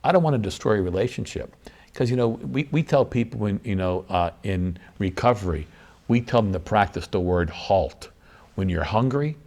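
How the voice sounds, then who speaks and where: Low-voiced male priest, guest spot, earnest, repetitive preacherly cadence. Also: darkish tone. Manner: earnest, preacherly, builds emphasis through repetition. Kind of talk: interview talk about forgiveness.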